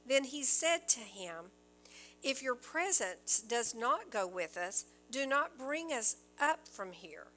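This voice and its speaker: Bright, slow-speaking woman teaching scripture. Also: a little high, big pitch swings, soft background music, poor audio. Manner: earnest, reads scripture aloud and explains it. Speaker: Bible teacher. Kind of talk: Bible teaching sermon.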